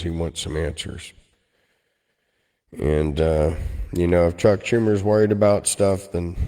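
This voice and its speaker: Low voiced guy rambling thru his commentary, lots of um and you know. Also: creaky, a little mellow. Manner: rambling, hesitant, many fillers. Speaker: political commentary host. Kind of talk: casual monologue commentary.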